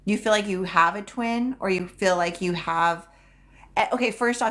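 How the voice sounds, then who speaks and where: A woman's voice: medium pitch, normal speed, fairly bright tone. A woman hosting a casual psychic livestream, chatty and loose, who swears and repeats phrases for emphasis. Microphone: phone.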